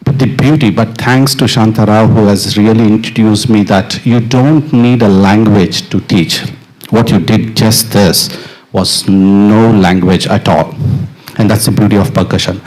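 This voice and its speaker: On the stage of a live dance performance, a middle-aged male percussionist uses a mic to coach the audience in chanting rhythm syllables, playful and encouraging and laughing often. His lowish voice is fairly even, unhurried, and a little mellow.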